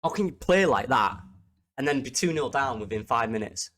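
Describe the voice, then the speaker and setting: Angry football fan ranting. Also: male voice, medium pitch, lively intonation, moderate pace, fairly bright tone. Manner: angry, repetitive, exasperated. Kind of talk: post-match reaction rant.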